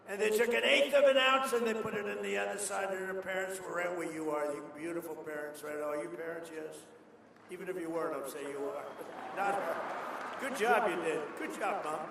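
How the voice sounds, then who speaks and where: Older guy rambling at a rally, boasty stories, boomy hall, far mic, noisy. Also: creaky, fairly bright tone. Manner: rambling, boastful storytelling with asides. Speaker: politician giving a speech. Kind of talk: rally speech. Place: large hall at a college. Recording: echoey hall, distant PA mic, noise.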